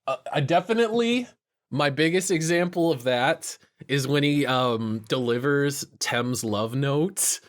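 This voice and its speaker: A man co-hosting a casual chat podcast, thinking aloud and softening his points with small hedges. His voice sits at a plain middle pitch. He sounds reflective and easygoing. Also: a little slow. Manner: thoughtful, hedging with fillers. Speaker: podcast co-host.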